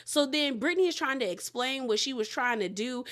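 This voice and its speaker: A woman with a somewhat high voice recaps a reality TV episode in a relaxed, chatty way. She tells it like gossip with a friend, laughing often and slipping into exaggerated voices for quotes. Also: fairly quick. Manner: animated storytelling, laughing often. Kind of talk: casual recap commentary.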